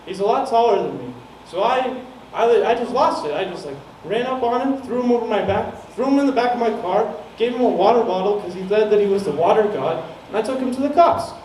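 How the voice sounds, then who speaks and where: In a small comedy venue, a young comic delivers a rambling, profane story at a brisk pace, chuckling at his own lines. His voice is high and light yet darkish in tone, and very expressive. The sound is distant and echoey, with some noise and a low hiss underneath.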